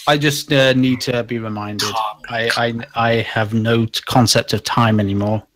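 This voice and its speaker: A man's voice: medium pitch, fairly even intonation, moderate pace, a bit bright. A man from Britain chatting on a livestream, wry and teasing, often sighing "oh dear". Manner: dry, wry, lots of "oh dear". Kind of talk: casual livestream chat.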